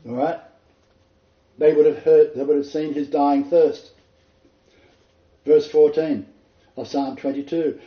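A man with a fairly high voice gives an emphatic scripture teaching as a messianic rabbi. He rises sharply when he quotes the texts. The sound is echoey and dull, with a lo-fi edge. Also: a little slow, pauses often.

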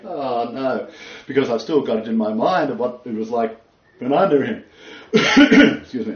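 A preacher with a medium-pitched voice delivers a homely, unscripted sermon built on anecdotes, rambling, hesitating, and chuckling at his own stories. His voice carries through a roomy space. The recording sounds dull and muffled, with slight background noise.

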